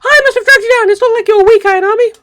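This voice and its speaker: Man doing a squeaky excitable ship girl. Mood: cheerful. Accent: English. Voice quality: shrill, over-the-top falsetto. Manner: deliberately silly high-pitched voice. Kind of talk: game dialogue read-along on stream. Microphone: streaming microphone.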